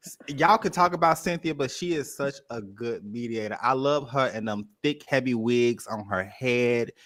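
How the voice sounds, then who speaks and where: A man's voice: mid-range voice, moderate pace, a bit bright, no echo. A man on a panel talking through a reality show episode in a casual, dramatic, gushing way. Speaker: recap panelist.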